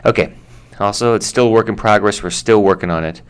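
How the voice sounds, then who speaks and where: An American man teaching English vocabulary in a relaxed, chatty way, with fillers and asides. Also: fairly low pitch, fast talker, smooth. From United States. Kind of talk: casual explanation.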